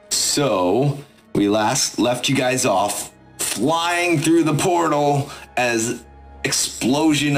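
A man running a tabletop game as game master, narrating in a relaxed, halting way. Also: medium pitch. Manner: relaxed, halting, many restarts.

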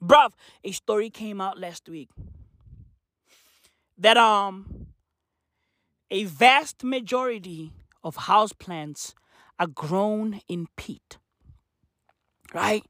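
A man's voice: sits high, lively intonation, extremely slow, pauses often, a bit bright, no echo, clean studio sound. A man from Africa delivering a profane, slang-heavy comedic rant with an emphatic, mocking manner.

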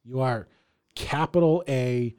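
A man's voice: mid-range voice, takes it slowly, a little mellow, clear, resonant tone. A man co-hosting a podcast in casual chat, teasing his friend, swearing freely and laughing often. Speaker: podcast co-host.

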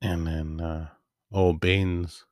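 A man's voice: sits low, flat delivery, extremely slow, a little mellow, no echo, clean studio sound. A man hosting a solo podcast, talking in a loose, rambling, offhand way. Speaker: podcast host. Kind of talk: casual solo monologue.

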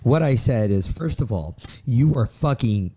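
A man's voice: mid-range voice, animated, unhurried, background noise. A man co-hosting a podcast, talking bluntly and joking. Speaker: podcast co-host. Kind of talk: casual chat.

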